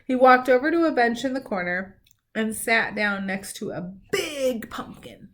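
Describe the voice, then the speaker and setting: A woman from a school reading a storybook aloud to students, with animated, chatty asides to the children. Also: on the high side, normal speed.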